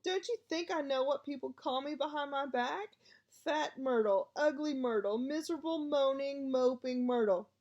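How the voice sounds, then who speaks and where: A woman's voice: sits high, moderate pace, darkish tone, dull audio, pitched above the performer's own voice. A woman voicing a gloomy ghost girl who talks in a sulky, tearful whine.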